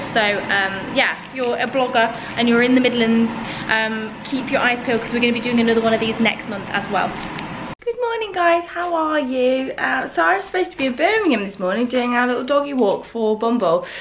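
Chatty woman vlogging, high voice. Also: slight background noise. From United Kingdom. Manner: chatty and expressive, often exasperated. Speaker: lifestyle vlogger. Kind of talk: casual vlog to camera.

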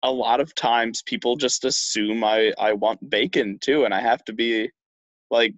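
A young man co-hosting a podcast in casual chat, talking in a slow, halting way with many restarts. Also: mid-range voice, steady tone, dry recording, dull audio. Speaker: podcast co-host.

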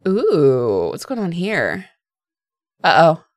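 A woman's voice: fairly low pitch, huge pitch swings, takes it slowly, no echo, clean studio sound. A young woman doing casual, joking let's play commentary, swearing freely as she plays. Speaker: gaming streamer. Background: faint game music.

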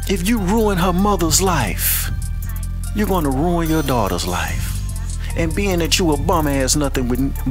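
A man hosting a podcast, telling a boastful, profane story in a swaggering, mocking way. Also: fairly high pitch. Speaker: podcast host.

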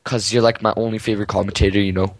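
A man's voice: lowish voice, little pitch movement, racing. A young man joking around playfully while playing a video game with a friend. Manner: playful, goofy, bossy jokes. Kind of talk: casual gameplay chat.

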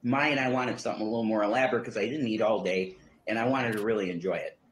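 A man's voice: lowish voice, fast, slight background noise. A man talking through a home recipe as he cooks, rambling with fillers and restarts. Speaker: home cook in a cooking video. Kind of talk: casual cooking demonstration. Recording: echoey room.

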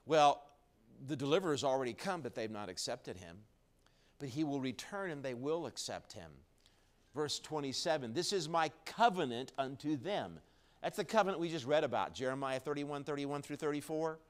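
Male pastor, mid-pitched, live church sermon, shifts from hushed to booming emphasis. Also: expressive, fairly quick. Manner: preaching with wide swings in loudness, low and quiet then rising strongly. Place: church sanctuary, recorded live.

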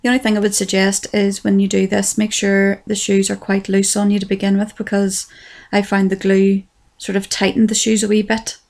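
An Irish woman talks through a craft project in a relaxed, chatty voice-over. Her tone stays level, with little rise and fall. There is a gravelly fry in her voice, and she pokes fun at herself as she goes. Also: mid-range voice, moderate pace, few pauses. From Ireland. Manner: chatty and self-deprecating, says "wee" often. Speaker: craft tutorial creator. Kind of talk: casual tutorial voice-over.

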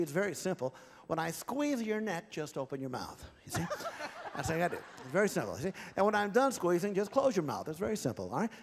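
A man's voice: fairly high pitch, long reverb tail, slight background noise. A male ventriloquist on a large theatre stage, doing genial live comedy patter and teasing audience volunteers.

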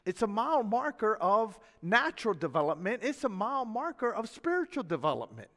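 A man preaching from the pulpit, his voice set high for a man and swinging widely in pitch. He talks in a folksy, animated way, dropping chuckles and asides to the congregation. The long reverb of a church sanctuary trails after each phrase. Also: a little fast. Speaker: pastor. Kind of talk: sermon.

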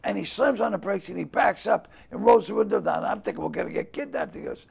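An older man spins stories with a high, gravelly voice that is rough and husky at the edges. His pitch swings all over the place as he acts out quotes with sudden loud bursts in a casual interview. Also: sing-song, a little fast, hardly any pauses. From Boston. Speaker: comedian guest.

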